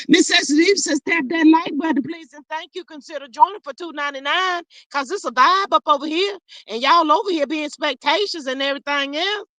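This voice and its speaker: A woman's voice: high voice, moderate pace, dry recording. A woman hosting a casual live stream, reading viewer comments aloud and reacting with sass. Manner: animated, sassy, calls viewers child and honey. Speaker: livestream host reading chat.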